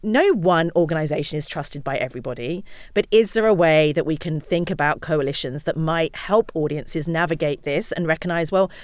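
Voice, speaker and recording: Casting: woman expert guest, rapid and animated delivery, dry close-mic sound. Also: low-pitched, no echo. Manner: animated, acts out quotes of others. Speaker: guest, misinformation researcher. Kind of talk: podcast conversation.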